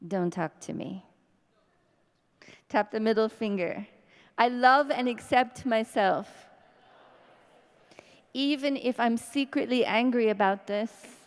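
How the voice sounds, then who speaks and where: A woman leads a tapping exercise with a somewhat high voice, pacing each phrase very slowly. She breathes and sighs between lines. Her words ring with long reverb in a large hall. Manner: slow, breathy guidance with many sighs and scripted affirmations. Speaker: EFT tapping practitioner. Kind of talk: guided tapping session.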